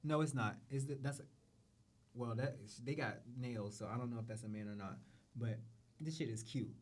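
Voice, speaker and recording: A man's voice: mid-range voice, moderate pace, a little mellow. A man hosting a show, talking casually and profanely about runway looks, repeating phrases and trailing off. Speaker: show host. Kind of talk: casual fashion commentary.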